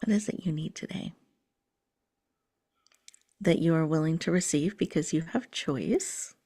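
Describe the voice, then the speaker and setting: A woman host leading a slow, soothing guided breathing meditation, sometimes dropping to a whisper. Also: low-pitched, warm tone, husky.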